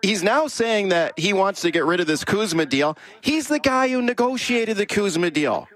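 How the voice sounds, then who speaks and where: A man's voice: high-pitched, expressive, normal speed, a bit bright. A man from Canada hosting a political panel, talking in an emphatic, plainspoken way. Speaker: panel show host. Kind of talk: casual political panel talk.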